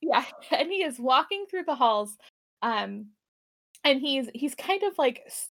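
Giggly high-voiced woman recapping a show. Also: big pitch swings, measured pace, a bit bright, dry recording. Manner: giggly, rambling, acts out characters' lines. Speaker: podcast co-host recapping an episode. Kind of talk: casual chat.

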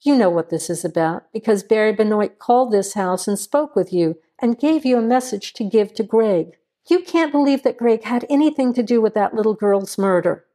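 A woman reading the part of a defiant young woman who answers a sheriff's questions with sharp, defensive replies. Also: medium pitch, animated, moderate pace, close to an everyday voice.

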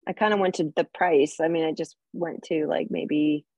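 Husky, hesitant woman on a dull video call line. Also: low-pitched, fairly even intonation, mellow, no echo. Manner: hesitant, halting talk. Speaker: coaching client. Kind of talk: casual video call conversation.

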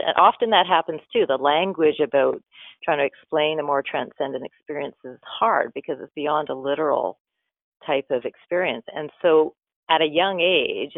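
A man's voice: a little high, creaky, no echo. A man, a guest, telling a personal story in an earnest, reflective way and lingering over his words. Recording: phone-like line with faint music.

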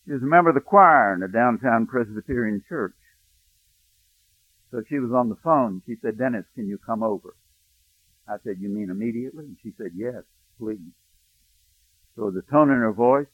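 A male pastor preaching a sermon, telling a personal story, hushed in tender moments and rising to emphatic preaching. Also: mid-range voice, dry recording. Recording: dry, thin phone-like sound.

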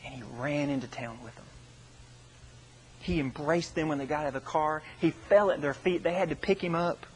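Man, pastor, sermon, earnest dramatic storytelling, fairly high pitch, faint hiss behind. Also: moderate pace, low-quality recording. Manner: earnest, dramatic storytelling with sharp drops in volume.

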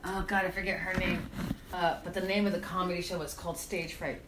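A woman's voice: lowish voice, level tone, fast, echoey room, recorded from a distance, noisy background. A woman chatting casually as a guest at a friend's home, telling stories in a giggly, chatty way. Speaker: podcast guest. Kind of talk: casual chat.

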